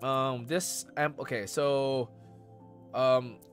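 A man streaming a video game live, chatting casually with viewers and bursting into excited outbursts between mumbled asides. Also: medium pitch, drawn-out words. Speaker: gaming streamer. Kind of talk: live gameplay stream chat. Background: faint game music.

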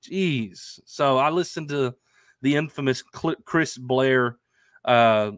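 A man's voice: medium pitch, slow, fairly bright tone, no echo, studio quality. Stuffy-nosed man hosting a sports stream. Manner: upbeat, chatty, lots of fillers and restarts. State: stuffy, nasal from allergies. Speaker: co-host. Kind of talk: casual sports talk stream. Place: at home in Arkansas. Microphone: remote stream microphone.

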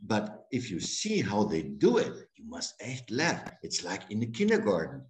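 A man with a German accent, an actor guest telling lively anecdotes in a casual interview, often laughing. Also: lowish voice, moderate pace, a little hiss or hum. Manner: animated storytelling, playful laughs.

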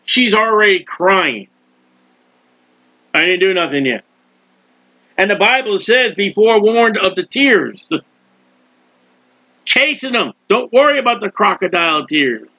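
A man's voice: sits high, very animated, a little slow, long pauses, pushed and bright, no echo. A male preacher giving an impassioned sermon and acting out prayers, in a dull lo-fi recording. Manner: impassioned, acts out prayers and quotes.

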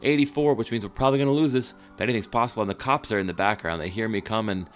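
A man giving excitable, joking live commentary over gameplay, with sudden high-pitched exclamations. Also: rapid-fire, faint music behind. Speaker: gaming channel host.

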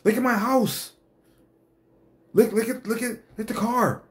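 Eager show-off bragging a little high, as a man puts him on. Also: unhurried. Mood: boastful. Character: boastful man showing off his dinners, house and car.

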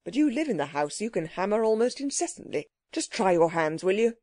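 A woman voicing a stout, prosperous man visitor who talks loudly and briskly. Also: big pitch swings, dry recording, clean studio sound. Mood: bluff. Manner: bluff, brisk, booming.

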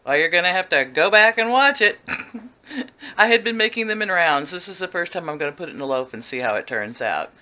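A woman's voice: fairly low pitch, a little fast, low-quality recording. An older woman vlogging casually at home, chatty and giggly as she talks. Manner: chatty and giggly, lively sing-song.

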